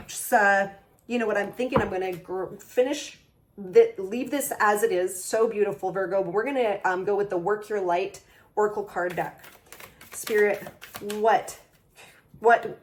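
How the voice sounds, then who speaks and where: A woman at a middling pitch delivers a channeled tarot reading to camera. She talks with bubbly excitement and affirmation, and addresses the listener directly. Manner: enthusiastic, excitable, gushing. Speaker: tarot reader.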